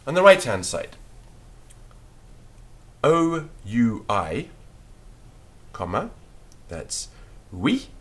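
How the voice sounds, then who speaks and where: A man teaching a beginners' French lesson, dictating slowly and patiently and spelling words out letter by letter. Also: medium pitch, big pitch swings, fairly bright tone.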